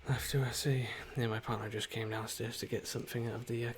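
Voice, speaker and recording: A man's voice: medium pitch, flat delivery, fast, noisy background. A man streaming a story game, chatting casually and rambling as he reads the dialogue. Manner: chatty and rambling, often trailing off. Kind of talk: casual gameplay commentary and reading game dialogue aloud.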